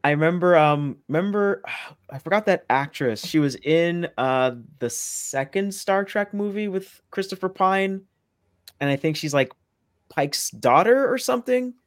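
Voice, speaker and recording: A man's voice: a little high, lively intonation, unhurried, dry recording, clean studio sound. A man co-hosting a podcast, telling stories in a wry, easygoing way and laughing along. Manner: storytelling, wry, laughs often. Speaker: podcast co-host. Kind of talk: casual chat.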